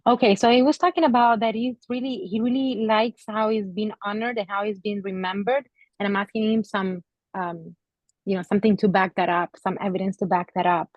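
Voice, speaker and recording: A woman gives a psychic gallery reading in a gentle, hesitant voice full of pauses and fillers. She speaks at a middling pitch and sounds emotional. The recording is dry and close. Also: steady tone, no room sound, highs cut off. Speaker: psychic medium. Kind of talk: gallery reading to an audience member.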